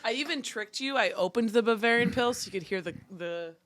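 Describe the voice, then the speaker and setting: A woman co-hosting a podcast in casual chat, chatty and quick to laugh. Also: fairly high pitch, lively intonation, fairly bright tone. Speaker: podcast co-host.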